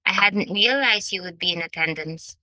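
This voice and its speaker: A woman voicing a quick-witted, exasperated young society lady in an audiobook reading. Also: medium pitch, sharp tone, no room sound, rough recording.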